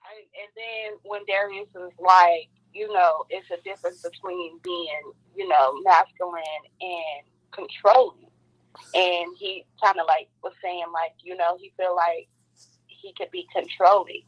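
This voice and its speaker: A woman's voice: fairly low pitch, fairly even intonation. Woman gossiping over a tinny phone line. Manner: quick, gossipy retelling. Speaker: co-host on a call. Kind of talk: casual commentary chat.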